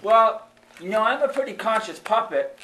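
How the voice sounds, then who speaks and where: A man voicing a calm skeptical youth puppet. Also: high voice, normal speed, slight background noise. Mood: lecturing. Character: skeptical young male activist puppet, calm. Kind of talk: live puppet show. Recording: echoey hall.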